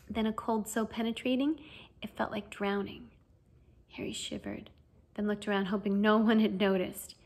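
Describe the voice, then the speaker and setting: A woman reading a children's fantasy novel aloud as an amateur audiobook. Her narration is expressive and storytelling, with a voice of middling pitch.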